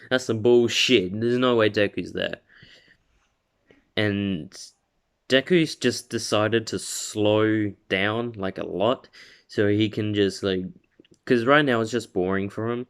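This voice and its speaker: A young man with a low, smooth voice retells a fan story at an unhurried pace. He rambles, piles on "like," and keeps correcting himself mid-sentence. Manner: rambling, full of "like" and self-corrections. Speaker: video creator.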